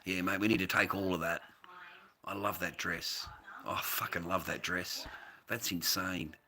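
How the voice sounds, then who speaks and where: A man with an Australian accent talks to his viewers on a livestream, swearing constantly and picking fights. His voice sits very low, yet it has a sharp, tense edge. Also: fairly even intonation, normal speed. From United States. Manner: profane, combative, swears constantly. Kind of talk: casual livestream chat answering viewers.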